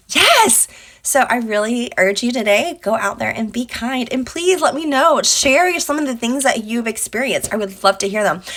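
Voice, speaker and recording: A woman's voice: lowish voice, a bit bright. A woman talking casually to camera as a vlogger, earnest, rambling and encouraging. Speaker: vlogger giving life advice.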